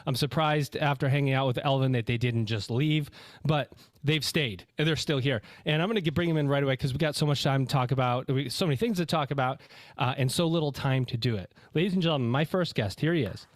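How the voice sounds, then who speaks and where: A man hosting a podcast interview, energetic and a little out of breath, quick with asides and fillers. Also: mid-range voice, no echo. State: slightly out of breath. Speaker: podcast host.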